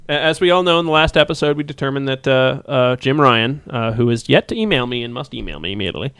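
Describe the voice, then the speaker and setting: A man's voice: medium pitch, quick pace, a bit bright, clean tone. A man hosting a casual podcast chat and reading out listener emails, rambling with many fillers and restarts. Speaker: podcast host.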